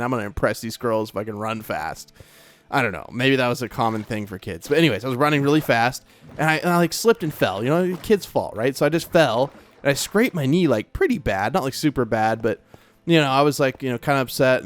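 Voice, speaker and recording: A young man telling a long, rambling childhood story in a laid-back way while playing a game, his talk full of "like" and "bro". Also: medium pitch. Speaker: gaming streamer.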